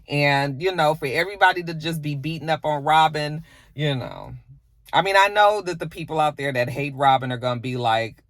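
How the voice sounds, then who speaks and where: A man's voice: a little high, lively intonation, brisk, a bit bright, dry recording, clean studio sound. A man giving a casual, sassy spoken recap, acting out quotes as he goes. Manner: chatty, sassy retelling with acted-out quotes. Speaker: reality TV recap host.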